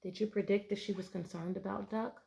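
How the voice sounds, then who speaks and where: Woman teacher, storybook read-aloud, patient questioning, mid-pitched voice, classroom lesson. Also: steady tone, a little fast, vocal fry. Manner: patient, asks many prediction questions; bright, playful voices for story animals. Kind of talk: reading a picture book aloud to a class.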